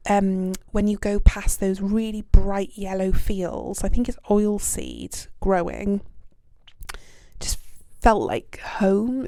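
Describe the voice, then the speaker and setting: A woman's voice: mid-range voice, warm tone, no echo, studio quality. A young British woman hosting a podcast, talking in a casual, self-deprecating way with plenty of ums and likes. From United Kingdom. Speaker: podcast host. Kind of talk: casual reflective monologue.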